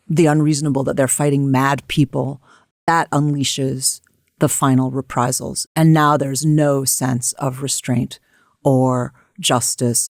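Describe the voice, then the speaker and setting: An American woman co-hosting a history talk, her voice gravelly with a creaky edge. She tells events in a vivid, emphatic way. The sound is close and dry. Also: a bass voice, darkish tone, dry recording. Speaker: co-host. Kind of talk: history discussion.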